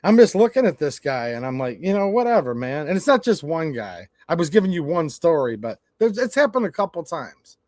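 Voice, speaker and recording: A man's voice: on the high side, sing-song, fairly quick, hardly any pauses, darkish tone, no room sound, clean studio sound. Blunt Michigan man ranting on a livestream. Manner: blunt, swearing, storytelling with quoted exchanges. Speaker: channel host. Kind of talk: casual livestream rant.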